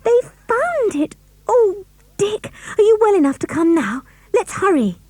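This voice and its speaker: Woman doing eager little girl, high bright-eyed voice, breathless, dry sound. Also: sing-song, normal speed, no echo. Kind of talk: audiobook character reading.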